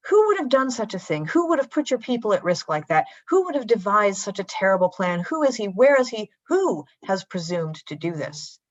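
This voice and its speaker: A woman voicing an indignant ancient king who demands answers in a booming way, on a dull lo-fi livestream. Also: normal speed, natural voice. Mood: outraged.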